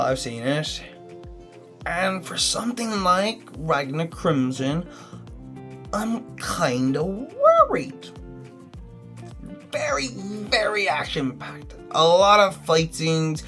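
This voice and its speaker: A man's voice: a little high, fairly bright tone. Chatty man gushing about a manga. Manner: chatty, enthusiastic, lots of fillers. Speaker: manga reviewer. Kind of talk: casual video review.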